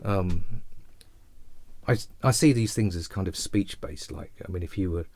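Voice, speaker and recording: A man's voice: low voice, moderate pace, darkish tone. A man giving a casual jazz guitar lesson over a video call, chatty and self-mocking as he rambles on. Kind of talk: casual teaching chat. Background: faint guitar.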